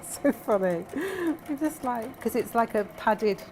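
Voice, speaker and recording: A woman's voice: on the high side, animated, takes it slowly, a little mellow, slight background noise. A woman hosting a crafting workshop, chatting casually and telling stories while she sews. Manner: chatty, storytelling, laughs often. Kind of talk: casual chat while sewing.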